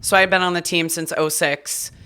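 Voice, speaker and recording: A woman in her thirties, a podcast guest, telling stories in a candid, animated way with many likes and restarts. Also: fairly low pitch, a little fast, clean tone. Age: 30s. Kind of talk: casual conversational storytelling.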